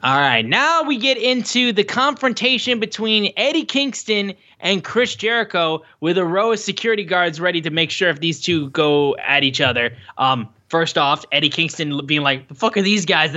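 A man co-hosting a casual wrestling podcast, excitable and loose, with lots of swearing and "like" fillers. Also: a little high, moderate pace, lo-fi sound. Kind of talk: casual chat recapping a wrestling show.

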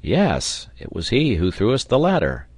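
Man doing a calm, measured engineer. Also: sits low, breathy edge, no echo, full character voice. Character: calm, steady engineer and leader, adult man.

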